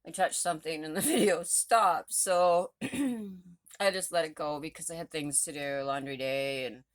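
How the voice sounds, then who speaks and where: A woman's voice: low-pitched, steady tone, moderate pace, no room sound, studio quality. A woman chatting casually into her phone at home in a rambling morning vlog, laughing often. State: out of breath after rowing. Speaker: vlogger. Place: home, indoors. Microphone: phone held in hand.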